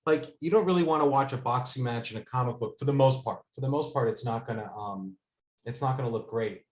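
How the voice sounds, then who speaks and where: A man at a middle pitch, talking casually as an author and guest. He hesitates often, stacking ums and starting sentences over. His voice rings with noticeable room echo. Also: fast. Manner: hesitant, many fillers and restarts. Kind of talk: casual conversation. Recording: roomy echo.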